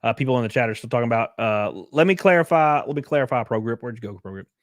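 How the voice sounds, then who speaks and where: A man's voice: mid-range voice, expressive, fast, no echo, clean studio sound. A man hosting a casual livestream, rambling with many fillers and reading chat messages aloud. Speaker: streamer and host.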